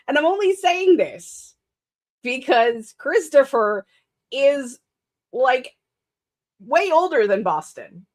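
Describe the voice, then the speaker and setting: A woman's voice: on the high side, sing-song, measured pace, long pauses. A woman author chatting casually on a writing stream, rambling with many fillers and self-corrections, laughing often. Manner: laughs often between sentences. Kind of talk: casual chat.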